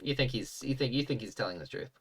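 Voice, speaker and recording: A man narrating as game master of a tabletop game, halting and full of fillers. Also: medium pitch, lively intonation, a bit bright, breathy edge, recorded from a distance.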